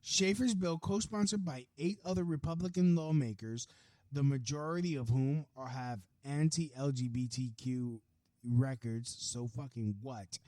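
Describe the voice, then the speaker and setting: A man hosting his own podcast, delivering a profane, heated solo rant that swings from low mutters to loud outbursts. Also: animated, unhurried, dry recording. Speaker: podcast host. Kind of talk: ranting solo podcast monologue.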